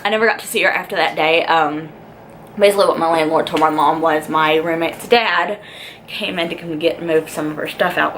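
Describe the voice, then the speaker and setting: A woman's voice: deep voice, steady tone, fairly quick, a bit bright, slight background noise, poor audio. Chatty young woman telling a story. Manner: chatty and rambling, lots of "like" and "um". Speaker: vlogger. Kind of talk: storytime vlog.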